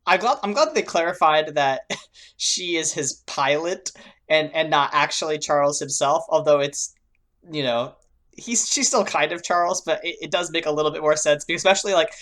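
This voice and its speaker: A woman with a notably low voice, co-hosting a podcast. She talks in a relaxed, hedging way, stringing her thoughts together with plenty of fillers. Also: moderate pace. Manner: laid-back, hedging, filler-heavy. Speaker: podcast co-host. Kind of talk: casual chat reviewing a cartoon.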